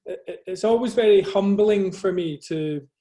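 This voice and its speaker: A middle-aged man with a soft Scottish accent talks through his slides on a video call, in a modest, chatty way. His voice sits a little higher than most men's. He often pokes gentle fun at himself as he speaks. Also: normal speed. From Scotland. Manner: modest, conversational, self-deprecating. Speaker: guest speaker, photographer. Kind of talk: presentation over a video call.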